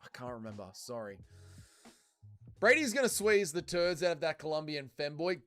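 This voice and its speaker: A man's voice: a little high, very animated, fast talker, fairly bright tone, soft background music. A man hosting a casual livestream, reading viewer comments aloud and answering them in a loose, profane way. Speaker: livestream host reading chat.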